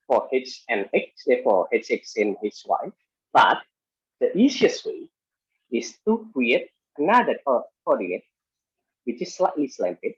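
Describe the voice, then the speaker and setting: A man lecturing on engineering statics in halting speech full of fillers and restarts, working through a problem step by step. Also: mid-range voice, husky, no room sound. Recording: muffled lo-fi audio.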